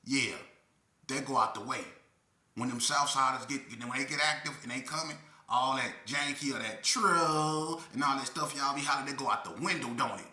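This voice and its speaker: An older man spins a street story in a lively, casual way, tossing in "right?" as he goes. His voice is very bright and edgy, and a roomy echo surrounds it. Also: medium pitch, normal speed. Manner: animated, keeps asking "right?".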